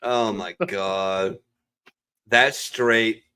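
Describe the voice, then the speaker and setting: A middle-aged man telling stories in casual chat, rambling and swearing freely, at times putting on quick voices for the people he quotes. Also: on the low side, steady tone, bright, forceful tone, smooth. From Ohio region. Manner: profane, rambling storyteller. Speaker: podcast regular.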